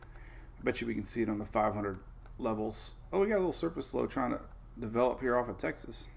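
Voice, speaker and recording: A man hosting a casual live weather show, chatting in a rambling way with excitable asides while looking over the maps. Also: mid-range voice, brisk, vocal fry, slight background noise.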